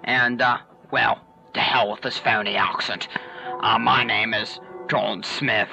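A man's voice: on the low side, steady tone, takes it slowly, gravelly, bright, forceful tone, lo-fi sound, exaggerated voice. A man playing a bumbling recruit in an amateur tape radio play, hesitant and rambling. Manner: hesitant, rambling, then pleading. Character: bumbling male recruit posing as a detective. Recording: home tape with music.

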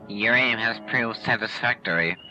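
A man voicing a stern official of a secret society, giving clipped, quiet orders in an amateur tape radio play. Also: fairly low pitch, moderate pace, pitched below the performer's own voice, lightly acted. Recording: lo-fi home tape with music.

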